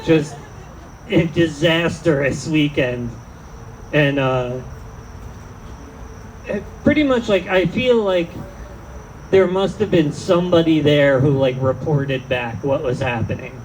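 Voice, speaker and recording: A man's voice: fairly high pitch, slow, pauses often, a little hiss or hum, rough recording. A man doing a rambling, self-deprecating stand-up set in an outdoor tent, often trailing off mid-thought. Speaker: stand-up comedian.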